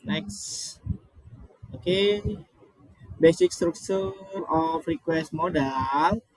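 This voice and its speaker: A man's voice: a little high, takes it slowly, no room sound, rough recording. A man whose first language is not English, reading a grammar lesson from slides with many restarts and apologies.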